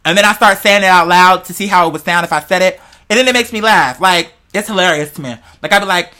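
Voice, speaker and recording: Stoned vlogger, bright tone, rambling, foul-mouthed, chatty. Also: mid-range voice, fast. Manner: rambling, playful, heavily profane, talks straight to viewers. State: high on cannabis. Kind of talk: casual rambling vlog monologue.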